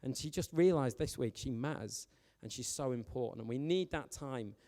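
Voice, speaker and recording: A man, a youth pastor preaching in a chatty, animated, storytelling way. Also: mid-range voice, normal speed. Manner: chatty, animated, joking with the young audience. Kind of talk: informal storytelling sermon. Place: church hall. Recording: long hall reverb.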